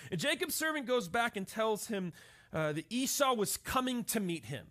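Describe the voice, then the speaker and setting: A male pastor delivers his sermon as a string of stories, pausing often to ask "right?" His voice sits a little high and rings bright and forceful. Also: big pitch swings. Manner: storytelling, often asks "right?".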